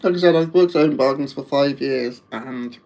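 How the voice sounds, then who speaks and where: Man, Wolverhampton accent, casual live-stream chat, rambling, gravelly. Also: mid-range voice, normal speed, darkish tone, highs cut off. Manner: rambling, chatty, laughs often.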